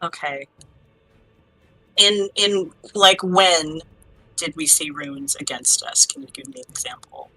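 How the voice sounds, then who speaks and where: A woman player in a tabletop game with a low yet bright, forceful voice. She fires off quick, inquisitive questions. Faint music plays behind her. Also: rough recording. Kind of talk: casual tabletop play.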